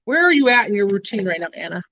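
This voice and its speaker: A woman's voice: mid-range voice, sing-song, fast talker, bright, forceful tone, highs cut off. A woman bantering and teasing in casual chat over a video call.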